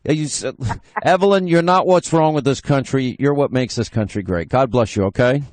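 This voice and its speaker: A man hosting a talk radio show, brisk and teasing with callers, on a close studio mic. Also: medium pitch, darkish tone, no room sound. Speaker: radio host.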